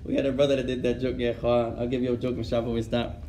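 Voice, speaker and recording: A man with a medium-pitched, warm voice teaches Islamic studies quickly and in a flat delivery, mixing Arabic into his English and asking rhetorical questions. There's slight background noise, and the echoey room has faint ambience.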